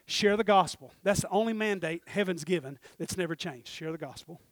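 A middle-aged man delivers a sermon in a high-pitched voice. He drops to a near hush and then climbs to shouted exhortation. The sound is close and dry, with no room around it. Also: brisk, dry recording. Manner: swings from quiet confiding to shouted preaching. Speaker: pastor.

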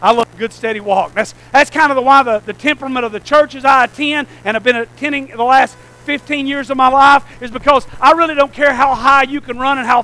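A man's voice: very high voice, sharp tone, low-quality recording. A man preaching a sermon as pastor, calling out rhetorical questions to the congregation.

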